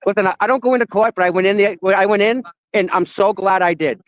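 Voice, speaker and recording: A man asking questions in a casual chat, halting and supportive. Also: sits high, no room sound, muffled recording. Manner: halting, supportive, restarts often. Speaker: interviewer.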